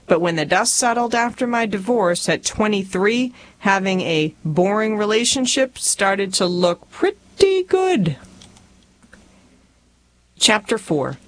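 A woman's voice: measured pace, few pauses. Southern woman, 40s, memoir audiobook narrator, humorous down-home storyteller. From rural Tennessee. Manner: folksy, humorous storytelling with lively pitch.

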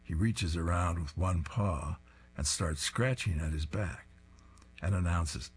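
A man's voice: deep voice, lively intonation, unhurried. A man reading comic strips aloud, describing each panel with an amused tone. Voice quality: husky.

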